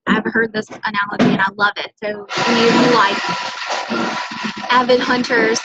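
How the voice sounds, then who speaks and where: A woman with a high, bright-sitting voice coaches her sales team in an emphatic motivational talk. She keeps pressing her points and checks in with "okay?" The recording is dull and lo-fi. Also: steady tone, a little slow, over loud music. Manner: emphatic, coaching, often tags lines with "okay?". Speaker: senior direct-sales team leader.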